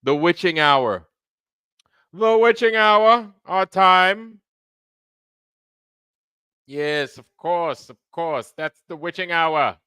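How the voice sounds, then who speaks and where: A man putting on a theatrical announcer voice with an old-fashioned mid-Atlantic accent and a drawn-out delivery. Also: on the high side, bright, forceful tone, clear, resonant tone, dry recording, pitched above the performer's own voice. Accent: mid-Atlantic (put on).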